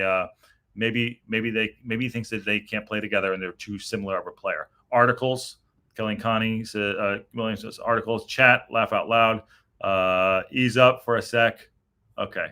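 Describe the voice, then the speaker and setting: A man's voice: mid-range voice, sharp tone. A middle-aged man hosting a post-match reaction stream, rambling and swearing in frustration as he reads viewer comments. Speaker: podcast host reading chat.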